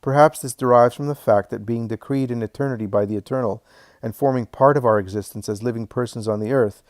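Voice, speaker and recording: A man narrating a first-person memoir in a slow, measured, emotional way, building to swelling emphasis on key phrases. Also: medium pitch, a little mellow, dry recording, clean studio sound. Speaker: audiobook narrator.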